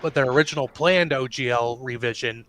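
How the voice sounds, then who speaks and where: A man's voice: medium pitch, a little fast. A man chatting casually on a stream, rambling through stories. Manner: rambling storyteller, animated retelling. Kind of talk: casual chat.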